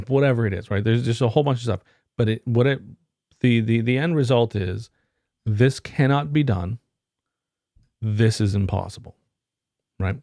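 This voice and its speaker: A man's voice: mid-range voice, dark tone, no room sound, clean studio sound. A man vlogging about his IT career, telling a wry, rambling story to the camera in a casual, explaining way.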